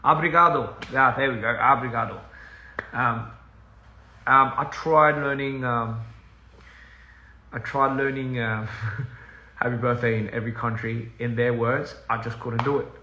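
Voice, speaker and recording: Speaking a little slowly with long pauses, a touring musician's sharp, steady, mid-range voice comes through a muffled phone recording. He rambles casually on a livestream from inside a house, easily sidetracked and often laughing, amid roomy echo and faint hiss.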